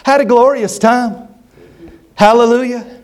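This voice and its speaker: A man's voice: extremely high pitch, steady tone, measured pace, darkish tone. A middle-aged man preaching a sermon, emphatic and repetitive, often restarting his words.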